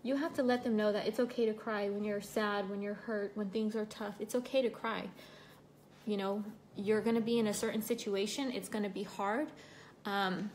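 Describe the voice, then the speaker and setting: A woman's voice: medium pitch, slight background noise. A woman chatting casually on a livestream, reading viewer comments while she does her makeup, emotional about her broken foot. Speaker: livestream host.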